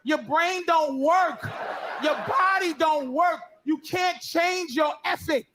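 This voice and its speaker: A man performing a stand-up comedy set, telling loud, profane, self-mocking stories while the audience laughs. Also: very high-pitched, slow, rough recording.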